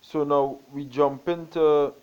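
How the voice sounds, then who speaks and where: A man's voice: on the high side, fairly even intonation, takes it slowly, smooth, lo-fi sound. A man preaching, reading magazine text and scripture aloud with asides and emphatic stresses.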